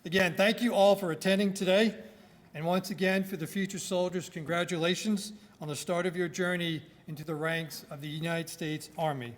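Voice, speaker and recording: A man with a New York accent, an army officer giving a formal ceremonial address in a measured, projecting way into a microphone. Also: high voice, steady tone, long reverb tail. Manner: projecting, measured delivery with listed phrases. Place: indoor government building hall. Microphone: speaking into a microphone.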